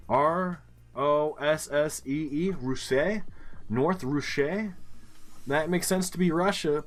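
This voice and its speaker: Slow-talking man puzzling aloud over a game. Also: a little high. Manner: muttering, puzzling things out, casual swearing. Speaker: gaming streamer. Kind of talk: thinking-aloud game commentary.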